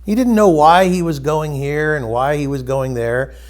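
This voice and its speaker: A man hosting a spiritual discussion, retelling a story in a loose, rambling way and dropping into soft quoted voices. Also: fairly high pitch, moderate pace. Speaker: host.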